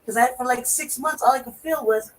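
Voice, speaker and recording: A woman co-hosting a talk show, telling a profane story in a lively way and acting out her own reactions. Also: high-pitched, brisk. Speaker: podcast co-host. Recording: distant mic with faint noise.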